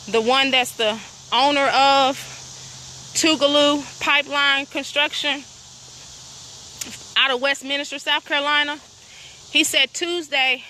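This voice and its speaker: An upset property owner, panting as she walks a rural trail, films a vlog and throws pointed questions at her viewers. Her high voice is bright and forceful. Crickets chirp outdoors, and the recording carries a slight hiss or hum.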